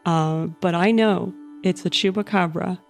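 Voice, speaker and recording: A woman's voice: fairly low pitch, fairly even intonation, a little slow, gravelly, soft background music. A woman player in a tabletop game, talking eagerly and earnestly about cryptids. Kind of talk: in-character tabletop play.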